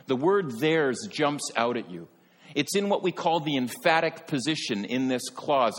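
A man preaching a sermon in an earnest way, rising to emphatic peaks and then dropping soft. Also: fairly high pitch, slightly rough, long reverb tail. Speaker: pastor.

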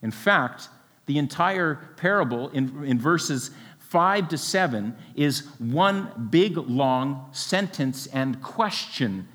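A man preaching a sermon, expressive and full of rhetorical questions, with a light laugh now and then. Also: on the high side. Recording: long hall reverb.

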